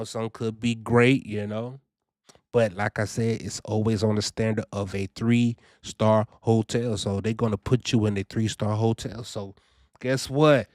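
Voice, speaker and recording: A man's voice: mid-range voice, darkish tone, no room sound, clean studio sound. A young man talking casually and animatedly about his trucking orientation, often saying "you know" and "man.". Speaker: trucking vlogger. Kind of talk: casual first-person review.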